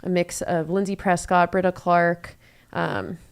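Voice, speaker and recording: A woman's voice: lowish voice, fairly even intonation, measured pace, creaky, smooth. A young woman commentating a live running race in a chatty way, with many fillers as she runs through splits and standings.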